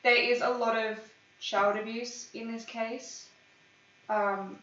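A woman hosts a casual true-crime podcast, chatty and often stumbling over names. Her voice is fairly high and a bit bright, with a flat, slow delivery. The sound is dull and lo-fi, recorded far from the mic in an echoey room.

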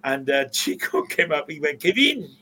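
A Welsh man in his sixties, a stadium announcer, telling stories in an interview with animated anecdotes and frequent restarts. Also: medium pitch, moderate pace, low-quality recording. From Swansea, Wales. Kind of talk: casual storytelling interview.

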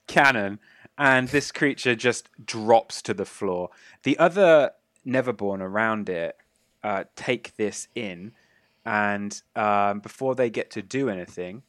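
A man narrating a tabletop game as game master, describing the action in a casual way with quick asides. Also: fairly low pitch, fairly bright tone, no room sound, studio quality.

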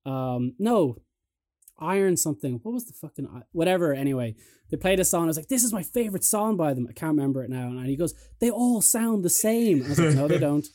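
Man, podcast host, animated storyteller, slightly high voice, mellow warm tone. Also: quick pace. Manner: lively storyteller, mimics voices. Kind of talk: casual chat.

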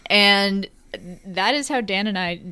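A middle-aged woman co-hosting a casual podcast, with wry, deadpan humor and playful rhetorical questions. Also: mid-range voice, slow, clean tone, no echo. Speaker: podcast co-host.

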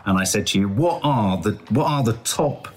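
A man's voice: fairly low pitch, lively intonation, moderate pace, a little hiss or hum. A man co-hosting a podcast, chatting casually in a reflective, hedging way. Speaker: podcast co-host. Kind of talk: casual chat.

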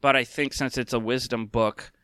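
A podcast host speaks openly and sincerely in a casual personal chat, padding his pauses with ums and false starts. His medium-pitched voice is bright, very clear, and steady. The recording is dry and close-miked, with no room sound.

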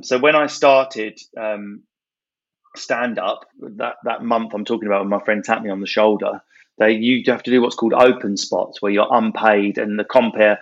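A man in his thirties from England talks as a comedian guest in loose, animated conversation. He keeps telling stories and tossing in little impressions. The recording has a slightly muffled, lo-fi sound. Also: fairly low pitch. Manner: animated storyteller, quick impressions. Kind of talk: casual chat.

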